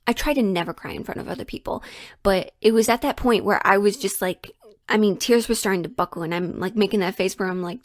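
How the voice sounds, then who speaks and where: A woman's voice: mid-range voice, no room sound. A young woman telling a personal story in a casual, chatty way, full of asides and "like".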